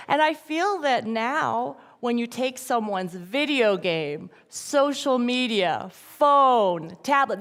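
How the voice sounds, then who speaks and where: A middle-aged woman gives an animated talk to parents at a church event and acts out the voices in her quotes. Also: medium pitch, measured pace, hardly any pauses. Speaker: guest speaker at a church event. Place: large church hall. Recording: long reverb from a church hall.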